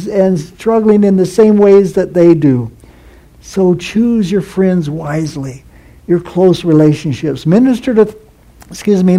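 A man delivers a sermon in a fairly high, warm voice. He speaks slowly and earnestly, repeating key phrases for emphasis. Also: low-quality recording. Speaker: pastor.

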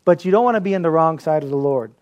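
A man preaching a sermon as a pastor, telling stories in an animated way and laughing often. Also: on the high side, quick pace, lo-fi sound. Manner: animated storytelling with frequent laughter.

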